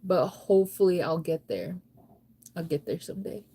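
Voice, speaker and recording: A woman's voice: lowish voice, moderate pace, breathy edge. A young woman chatting casually on a late-night livestream, sleepy and yawning, rambling with lots of "like". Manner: relaxed, rambling, heavy use of "like".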